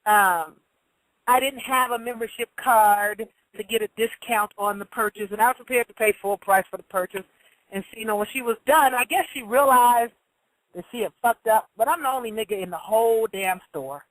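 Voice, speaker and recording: A woman's voice: a little high, moderate pace, no echo, poor audio. A woman hosting a casual monologue who tells stories bluntly, swears freely and acts out the voices of the people she quotes. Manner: blunt storytelling, profane.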